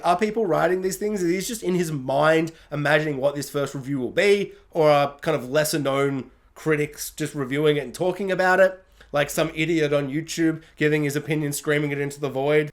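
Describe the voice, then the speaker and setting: A man giving a casual spoken review of a TV series, chatty and animated, laughing often and talking in loose, filler-heavy sentences. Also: fairly high pitch. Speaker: YouTube TV reviewer.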